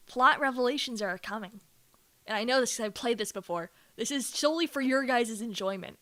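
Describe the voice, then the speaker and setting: A woman's voice: fairly high pitch, lively intonation, fairly quick, sharp tone. A young woman playing and reading a visual novel for viewers, joking and sarcastic. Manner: joking and sarcastic, mock-serious. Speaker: gamer. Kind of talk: let's play commentary.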